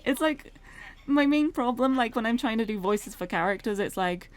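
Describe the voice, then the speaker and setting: A woman's voice: fairly high pitch, expressive, moderate pace. A British woman streamer reading a visual novel aloud, chatty and laughing often.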